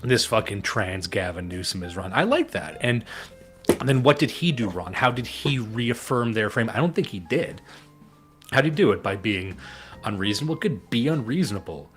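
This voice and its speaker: A man with a low voice co-hosts a live stream in loose, casual talk. He is sarcastic and profane and laughs often at his own jokes. Faint music plays underneath. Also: lively intonation, moderate pace, a bit bright.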